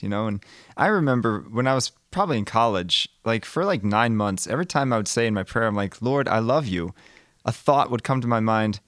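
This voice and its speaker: A man's voice: on the low side, a bit bright, dry recording, clean studio sound. A man hosting a casual faith conversation, reflective and telling stories as he asks questions. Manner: reflective, storytelling. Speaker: podcast host.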